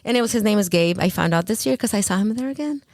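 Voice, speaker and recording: A woman on a podcast telling running stories in casual chat, animated and full of "like", acting out quotes. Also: medium pitch, fast, no room sound. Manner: animated, acts out quotes, lots of "like". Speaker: podcast guest, ultrarunner.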